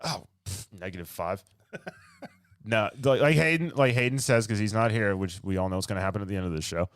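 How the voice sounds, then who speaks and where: A man's voice: lowish voice, a little fast, clean tone, no room sound. Young guy on a podcast ranting n being sarcastic, dry close sound. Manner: ranting, sarcastic, gets loud and laughs mid-sentence. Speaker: podcast co-host. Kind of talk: casual podcast chat.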